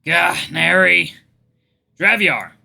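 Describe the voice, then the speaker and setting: Flustered young guy, a man reading him, stammering, bright and a bit high. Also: lively intonation, slow pace, gravelly, heavily acted.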